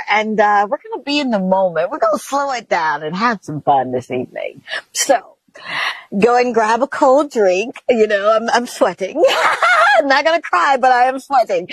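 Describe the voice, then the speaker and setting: A high-pitched woman hosts a talk show, talking straight to her viewers. She is effusive and chatty, often breaks into laughter, and the recording is close and dry with no room sound. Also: no room sound, low-quality recording. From Mississippi, USA. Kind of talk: talk show hosting to camera.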